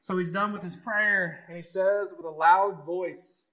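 A man retelling a Bible story in an emotive, conversational way, moving from hushed to excited. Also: high voice, measured pace, low-quality recording.

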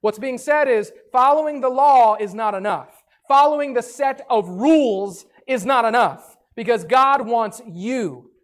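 A woman's voice: a little high, unhurried. A woman preaching a sermon in an earnest way, reading scripture aloud. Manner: earnest, reads scripture aloud, acts out listeners' voices.

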